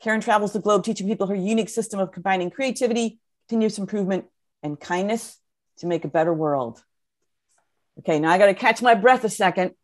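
A woman's voice: medium pitch, fast talker. A woman moderating a live webinar, upbeat and effusive, with frequent fillers as she introduces guests.

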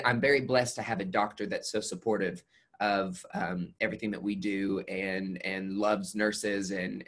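Chatty Southern man with a country twang. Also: on the low side. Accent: Southern US, Tennessee. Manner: chatty, sassy and animated, with playful exclamations. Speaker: guest, registered nurse. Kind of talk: casual webinar interview.

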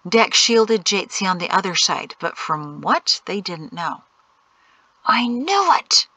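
A woman narrating an audiobook in a measured storytelling manner, dropping into hushed whispers at tense moments. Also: lowish voice, no echo. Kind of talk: scripted narration.

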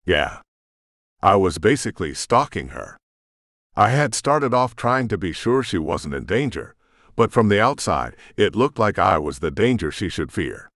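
A man narrating a romance audiobook in the first person, expressive and brooding. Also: low voice, moderate pace, no echo, clean studio sound.

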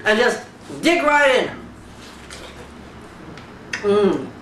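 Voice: medium pitch, extremely slow, a crowd in the background. Swearing comic ranter, roomy and distant. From Fiji. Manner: loud, animated, swearing constantly, exaggerated outrage. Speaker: comedian recreating a talk show. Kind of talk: profane comic rant to camera. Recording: roomy echo, distant mic, faint background hiss.

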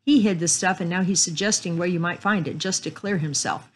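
A woman voicing a cranky elderly male stamp collector who sounds gruff and suspicious. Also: fairly low pitch, fairly quick.

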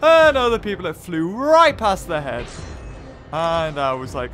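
A nasal man talks through his game in a high, bouncy voice that swings up and down. He sounds short on sleep but stays chatty and animated. Clear music plays behind him. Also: slow. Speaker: gaming channel host. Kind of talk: casual gaming commentary.

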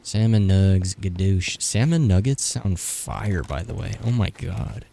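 A young man in his twenties narrates his gameplay in a frantic, joking rush, cursing as he scrambles. His voice is very low and mellow. A faint hiss of noise sits behind him. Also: animated, a little slow, creaky. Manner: frantic, swearing, joking to himself. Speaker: gaming streamer. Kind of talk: casual gameplay commentary.

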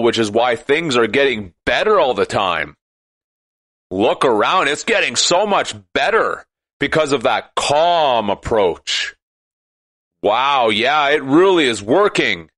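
A man delivering an impassioned, sarcastic monologue that at times rises to shouting. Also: mid-range voice, dry recording.

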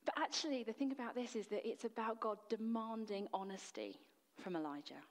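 A woman's voice: fairly high pitch, expressive, brisk, big-room sound. A woman preacher delivering a sermon in an earnest, emphatic way, full of rhetorical questions. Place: church.

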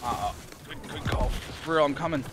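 A man giving casual, excitable commentary while playing an online combat game, swearing and calling out targets to teammates. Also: fairly high pitch, moderate pace, noisy background. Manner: excitable, swears a lot, laughs often. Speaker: gamer streaming his point of view in a clan war. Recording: music playing behind.

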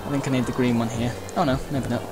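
A man speaks quickly at a medium pitch with little movement in his voice, offering loose let's-play commentary as he races. He drifts through uhs, side stories and playful exclamations, and game music and sound effects can be heard behind him.

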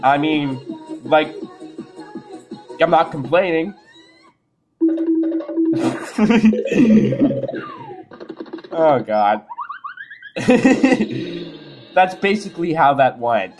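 Slow, giggly reactor with wildly swinging pitch. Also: big pitch swings. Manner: laughs constantly, swears casually. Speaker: reaction video host. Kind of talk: casual commentary while watching a video. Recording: video clip music playing behind.

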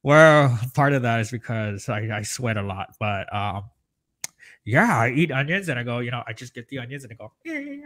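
A man's voice: medium pitch, big pitch swings, normal speed, a bit bright. A man playing the Grinch in a comedy interview, rambling through silly stories and laughing a lot. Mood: chatty, joking. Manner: rambling, giggly, tells tall tales. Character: mischievous green male Grinch, greedy, onion-loving.

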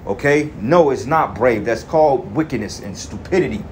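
An animated man with a mid-range, darkish voice teaches scripture in a heated, cursing manner, punctuating phrases with "man" and "okay." His verse readings come out in a measured cadence. Slight background noise is audible.

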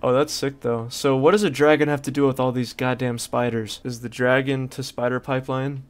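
A young man giving crude, rambling commentary while playing a game, yelling at it when things go wrong. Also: mid-range voice, little pitch movement, brisk, clear, resonant tone. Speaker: gaming streamer. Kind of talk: casual gameplay commentary.

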